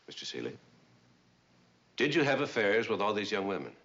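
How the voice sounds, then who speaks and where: A shrewd naval commander defending a client. His voice is very low, and his questions are calm and probing. The sound is dull like a dated TV drama. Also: brisk, gravelly, exaggerated voice. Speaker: Navy defense lawyer.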